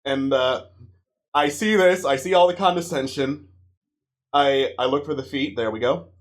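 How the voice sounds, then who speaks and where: A man's voice: mid-range voice, moderate pace. A man playing his character at a tabletop game, casual and playful. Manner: playful, campy when in character. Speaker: player. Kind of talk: in-character tabletop role-play.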